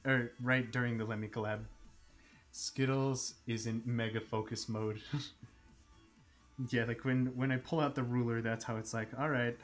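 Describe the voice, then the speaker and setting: A man's voice: mid-range voice, little pitch movement, moderate pace, soft background music. Chatty man streaming while he sketches. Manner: chatty, laughs often, slips into silly voices. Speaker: live-stream host. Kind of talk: casual chat while sketching on a live stream.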